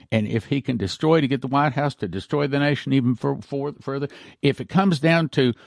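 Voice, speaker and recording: A male pastor preaching a broadcast sermon, emphatic and repetitive, slowing down to read passages aloud. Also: medium pitch, gravelly, no room sound, clean studio sound.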